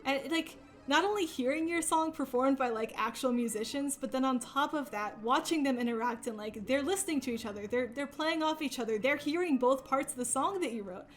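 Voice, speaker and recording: Chatty high-voiced young woman. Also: fairly quick, hardly any pauses, soft background music. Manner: chatty and rambling, laughs often, many fillers. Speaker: speedrunner streaming a game. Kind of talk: casual chat while playing.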